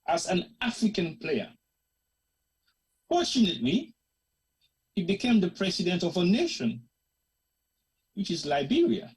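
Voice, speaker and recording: A husky, mid-pitched voice with a Sierra Leonean, Krio-tinged English accent. This show host delivers an opinionated commentary monologue with real passion. The talk is emphatic and slips easily into Krio phrases. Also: a little mellow, poor audio. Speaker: host of a current-affairs discussion show.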